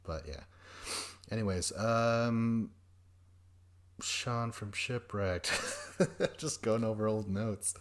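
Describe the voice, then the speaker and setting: Man, podcast host, casual rambling recap, lots of swearing, slightly low voice. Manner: rambling and profane, jumps between notes; acts out quoted people in quick put-on voices. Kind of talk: casual reality-show recap.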